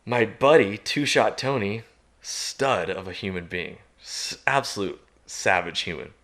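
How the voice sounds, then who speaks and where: A man guest on a podcast, telling a story in a casual, animated way and chuckling at himself. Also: fairly low pitch, a little slow. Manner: animated, self-mocking, chuckles at his own story.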